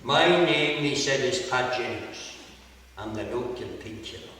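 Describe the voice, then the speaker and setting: A big, rough Irish pig killer , as a man puts him on, answers in blunt, unbending words. He sounds distant, with a long hall echo around him. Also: mid-range voice, expressive, unhurried, sharp tone. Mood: stubborn. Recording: echoey hall, mic far off.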